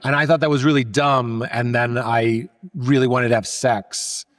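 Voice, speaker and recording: A man's voice: medium pitch, steady tone, normal speed, fairly bright tone. A middle-aged man from Massachusetts, a comedian, telling stories in casual conversation, joking and self-deprecating. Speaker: comedian guest.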